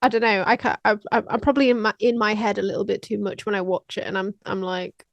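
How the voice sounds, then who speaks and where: A woman co-hosting a podcast, speaking hesitantly and halting over her words in casual chat. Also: mid-range voice, little pitch movement, vocal fry, dry recording. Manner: hesitant, halting when talking about herself. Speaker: podcast co-host.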